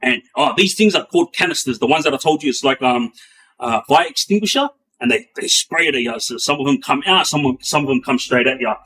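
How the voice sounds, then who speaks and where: A man telling a story in a loose, rambling way, with many fillers and restarts, acting out the action with bangs and booms. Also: a little fast, a little hiss or hum. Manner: animated, acts out sounds with bangs and booms. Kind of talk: casual spoken storytelling.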